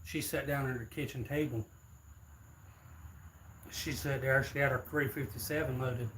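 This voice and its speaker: A man's voice: mid-range voice, fairly even intonation, normal speed, fairly bright tone, a little hiss or hum, rough recording. Rambling storyteller, man. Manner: rambling, loose retelling. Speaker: streamer. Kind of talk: casual storytelling.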